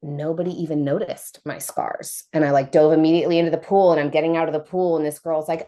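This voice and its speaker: A woman in her thirties tells a personal story as a podcast guest. Her voice sits low, and she talks in a casual, animated way, jumping up in pitch to act out what other people said. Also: fast talker, hardly any pauses. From United States. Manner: animated, acts out quoted voices.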